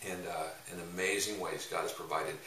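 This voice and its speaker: A man's voice: low-pitched, fairly even intonation, a little fast, pushed and bright. A man giving a casual faith-based teaching talk, telling stories in a rambling way with many filler sounds. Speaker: evangelism ministry leader. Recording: roomy echo, mic at a distance, faint noise.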